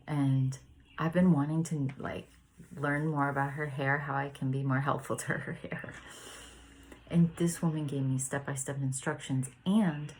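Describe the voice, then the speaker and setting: A woman in her thirties leading a spiritual study, chatting in a gentle, meandering way and laughing often. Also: low-pitched, slight background noise. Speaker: spiritual study group leader. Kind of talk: casual reflective sharing and reading aloud.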